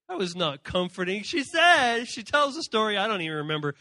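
A man giving an animated youth sermon, telling stories and acting out voices from shrieks to soft murmurs. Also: high-pitched, a little fast, hardly any pauses, dry recording. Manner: animated storytelling, acts out characters in shrieks and murmurs. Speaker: youth speaker.

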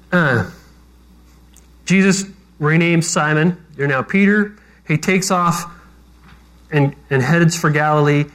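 A man's voice: a little high, fairly bright tone. A man preaching a sermon as pastor, talking conversationally with self-deprecating jokes.

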